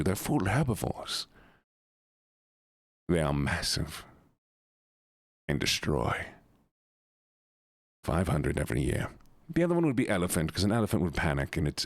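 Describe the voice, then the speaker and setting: Chatty low-voiced male streamer, very animated. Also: dry recording, clean studio sound. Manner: rambling, chatty, joking with viewers. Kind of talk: casual live-stream chat.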